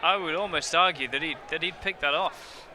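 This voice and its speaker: British color commentator guy, laid back, lots of uhs, slightly high voice, noisy background. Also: fairly quick. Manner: relaxed analysis, lots of fillers. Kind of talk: live sports commentary.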